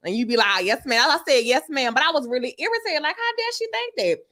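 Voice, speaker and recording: A woman sex educator chats on a radio show. Her voice sits a little high. She tells stories loudly and animatedly, with salty slang. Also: fast talker. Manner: loud, animated storyteller, breaks into laughter, salty slang. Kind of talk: casual radio chat.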